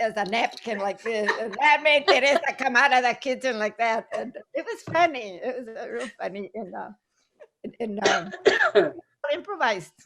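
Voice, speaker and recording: An older woman from Southern Arizona, a playwright and actress, reminiscing casually on a video call, chatty and quick to laugh, slipping Spanish phrases into her English. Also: fairly high pitch, fairly bright tone.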